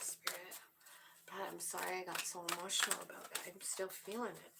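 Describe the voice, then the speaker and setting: A woman giving a spiritual tarot reading, soft-spoken and emotional, often dropping to a whisper. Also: lowish voice, little pitch movement, fairly quick, vocal fry, rough recording. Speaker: tarot reader.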